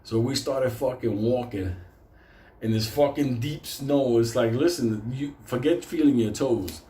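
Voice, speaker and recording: A man telling a comic personal story in a casual, animated way, swearing constantly. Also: mid-range voice, a little slow, reverberant. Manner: heavy swearing, animated retelling.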